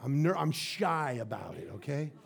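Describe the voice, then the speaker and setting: A male pastor preaching to his congregation, telling a story in an animated way and often stumbling over repeated words. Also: medium pitch, normal speed, creaky, a faint crowd. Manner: animated, stammering repetitions. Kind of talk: sermon storytelling.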